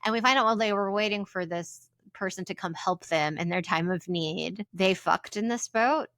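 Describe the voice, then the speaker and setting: A woman's voice: medium pitch, moderate pace, fairly bright tone, no echo, clean studio sound. A woman in her thirties co-hosting a podcast, chatting casually with snarky asides. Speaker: podcast co-host. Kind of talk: casual recap chat.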